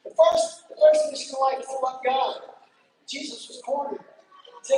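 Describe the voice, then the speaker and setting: A woman's voice: sits high, huge pitch swings, normal speed, darkish tone. A woman giving a playful, joking children's church talk with gospel magic tricks, chatting with the congregation. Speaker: guest speaker doing gospel magic tricks. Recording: echoey hall from far off, background noise.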